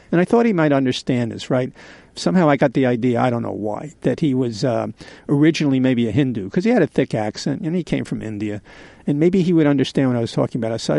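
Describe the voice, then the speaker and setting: A man in his sixties hosting a radio show, telling a candid personal story in a halting way with many pauses and fillers. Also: mid-range voice, gravelly, dark tone, no echo. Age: 60s. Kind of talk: confessional radio monologue.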